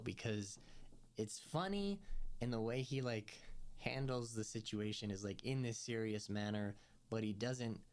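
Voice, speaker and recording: Man, slightly low voice, loose chatty film reviewer who rambles and backtracks. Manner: rambling, loose, with many fillers and restarts. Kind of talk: casual movie review vlog.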